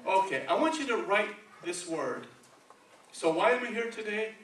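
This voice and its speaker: Speaking Spanish-accented English at normal speed, a man preaches in a high-pitched, very animated, fairly bright voice. His sermon is conversational, peppered with "okay" and "right" to check in with the congregation. The clip comes from far off in an echoey church sanctuary, with slight background noise.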